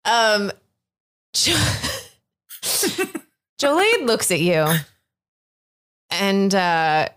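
Slow-talking woman game master. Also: mid-range voice. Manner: relaxed, halting narration with fillers. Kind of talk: narrating a tabletop game.

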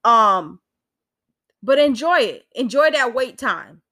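At home indoors with rain outside, a woman hosts her own casual solo podcast, speaking candidly with frequent laughs and the odd swear word. Her voice is fairly high and sharp, animated yet slow.

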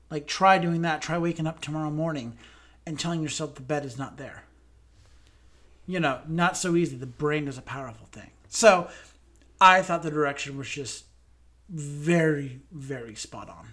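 Podcast co-host, casual discussion, earnest, animated, mid-range pitch. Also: normal speed. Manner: earnest and animated, with frequent restarts.

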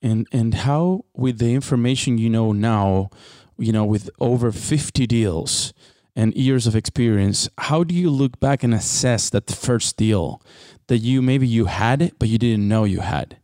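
A man's voice: mid-range voice, measured pace, warm tone, dry recording, studio quality. A man hosting a podcast, asking questions and reacting with short comments. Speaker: podcast host. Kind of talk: interview questions.

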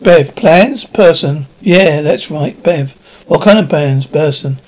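High-voiced man reading a screenplay aloud. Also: slow pace, poor audio. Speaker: script reader. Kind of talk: flat reading of a screenplay, stage directions included.

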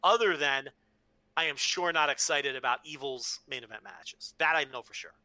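A man's voice: fairly high pitch, normal speed, bright, forceful tone, dry recording. A man co-hosting a casual podcast, telling stories frankly, swearing freely and restarting with repeated words. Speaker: podcast co-host. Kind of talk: casual wrestling podcast chat.

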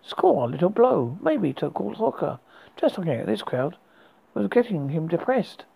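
A man from the UK hosting a horror podcast, reading a story aloud in an unhurried way and often restarting a word. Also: high voice, very animated, gravelly, mellow, slightly rough, poor audio.

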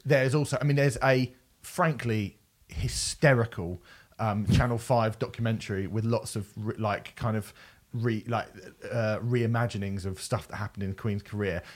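A man chatting casually as a podcast co-host, animated and often laughing as he acts out scenes. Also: fairly low pitch, moderate pace. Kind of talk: casual film review chat.

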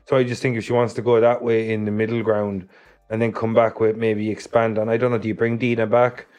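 A man's voice: on the low side, flat delivery, a little mellow, highs cut off. An Irish man co-hosting a casual podcast chat, talking in an easygoing way with lots of "like" fillers. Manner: quick and easygoing, with many "like" fillers. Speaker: podcast co-host.

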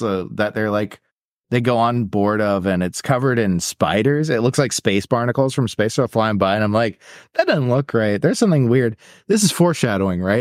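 A man's voice: mid-range voice, no echo, clean studio sound. A man in his thirties co-hosting a casual podcast over a call, joking and rambling as he recaps a film. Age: 30s. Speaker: podcast co-host. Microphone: remote call mic.

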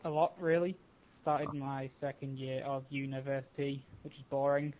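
A man's voice: medium pitch, level tone, normal speed. A man of about twenty from Leeds, a podcast guest giving short, dry, laid-back answers. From Leeds, England. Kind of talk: casual chat. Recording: thin phone-like call audio.

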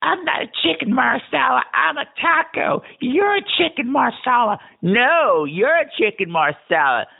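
A man leaving a drunken phone message to himself in a put-on British accent, loud and rambling. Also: high-pitched, very animated, a little slow, creaky, breathy edge, voice pushed up, full character voice. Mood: arguing. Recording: tinny phone voicemail.

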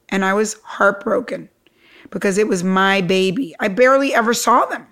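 A middle-aged woman from Cuba, a guest telling a lively story and acting out the other people in it. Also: mid-range voice, moderate pace. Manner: animated, acts out quoted voices.

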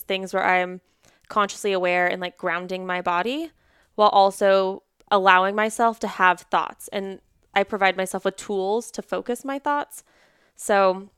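Woman therapist talking casually on a podcast, super smooth voice, dry close sound, lots of "like". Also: medium pitch, fairly bright tone, dry recording. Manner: chatty, many "like" fillers, acts out clients with quoted voices, laughs often.

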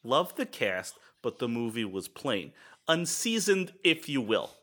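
Bright-voiced joking man co-host. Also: mid-range voice, sing-song, unhurried. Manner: jokey, playful, laughs often. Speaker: podcast co-host. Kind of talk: casual banter, reading user reviews aloud.

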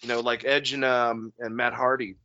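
A man's voice: medium pitch, flat delivery, normal speed, sharp tone, a little hiss or hum. A man co-hosting a podcast in casual chat, talking loosely with profanity and rambling asides. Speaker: podcast co-host. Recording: dull lo-fi dry recording.

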